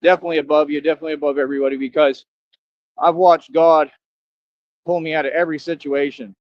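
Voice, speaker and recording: A man giving a rambling, boastful livestream monologue outdoors near a highway, scolding his viewers and repeating himself. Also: level tone, fast talker, no echo, muffled recording. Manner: talks straight to his viewers, scolding them.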